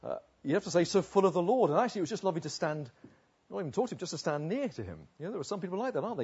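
A man preaches a sermon in an earnest way, climbing to emphatic declamation and then sinking to hushed asides. His voice is a touch husky and sits a little high. The recording sounds somewhat dull and lo-fi. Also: expressive, rapid-fire.

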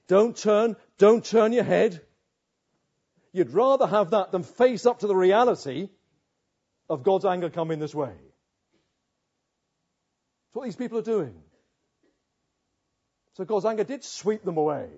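High-voiced urgent preacher, dull recording. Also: male voice, lively intonation, unhurried, pauses often. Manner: urgent, swinging from loud warnings to hushed asides. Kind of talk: sermon.

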